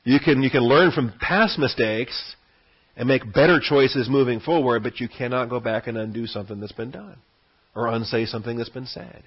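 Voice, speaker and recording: A man's voice: mid-range voice, moderate pace, slightly rough. A man teaching a verse-by-verse Bible study in a conversational way, often repeating words and checking in with "okay?". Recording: dull lo-fi recording.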